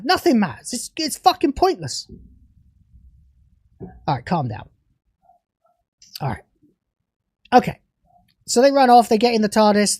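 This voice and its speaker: A man's voice: high voice, no echo, studio quality. A young British man hosting a livestreamed TV review, ranting furiously with heavy swearing and then settling into casual chat. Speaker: TV show reviewer.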